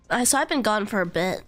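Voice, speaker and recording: A woman streamer, hoarse from being sick, chatting casually and giggling, squealing greetings to her viewers from her bedroom. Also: mid-range voice, fairly bright tone. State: hoarse from illness. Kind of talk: casual live-stream chat.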